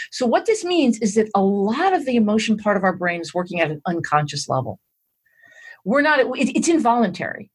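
Woman, interview guest expert; lively pitch, breathy edge, talks through ideas step by step. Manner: animated, explains step by step with "all right" check-ins. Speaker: guest expert on emotional intelligence. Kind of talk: explanatory interview talk.

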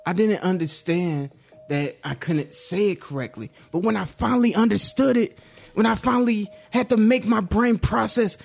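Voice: medium pitch, normal speed, gravelly, darkish tone. A commentary YouTuber talking in a casual, reflective vlog monologue, slangy and laid-back, dropping "yo" often and musing in a self-encouraging way.

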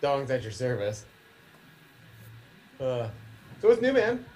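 A man's voice: mid-range voice, huge pitch swings, takes it slowly, mellow. A man chats casually on a home stream, cracking jokes and swearing. His voice sits in a middle register and moves around a lot as he talks. A faint hiss runs underneath. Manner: joking and profane. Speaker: podcast co-host. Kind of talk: casual chat.

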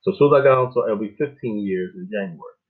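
A middle-aged man hosting a show, rambling in a casual monologue with lots of fillers and animated stories. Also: fairly low pitch, quick pace. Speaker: show host. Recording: tinny phone-like line.

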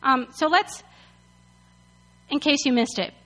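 High-voiced, chatty woman teaching the Bible. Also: slow, long reverb tail. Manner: chatty and animated, many "like" and "you know" fillers. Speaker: Bible study leader.

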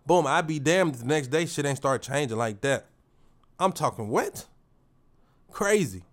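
A man's voice: on the high side, animated, unhurried. Preachy, slangy man hosting a podcast. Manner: preachy, slangy, repeats phrases for emphasis. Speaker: podcast host. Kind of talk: motivational monologue.

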